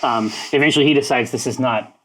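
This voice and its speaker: A man narrating a tabletop game as game master, in halting speech full of fillers. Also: mid-range voice, a bit bright, rough recording. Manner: halting narration with many fillers, breaks into laughter.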